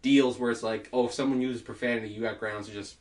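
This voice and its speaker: A man telling a story in casual podcast chat, animated, laughing and swearing as he goes. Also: medium pitch, fast talker. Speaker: podcast host.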